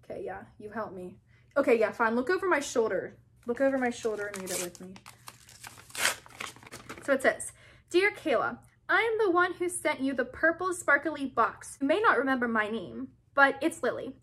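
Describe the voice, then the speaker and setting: Bubbly high-voiced young woman vlogger. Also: big pitch swings, fairly bright tone, slight background noise. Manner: bubbly, gushing, quick to squeal. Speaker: YouTuber opening fan mail. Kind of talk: casual vlog chat.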